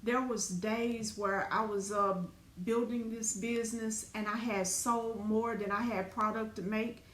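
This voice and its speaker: With a fairly high pitch and measured pace, a middle-aged spiritual teacher and business owner recounts a raw story from her life. Her retelling is colloquial, animated, dramatic, and full of profanity, captured in an echoey room with faint background noise.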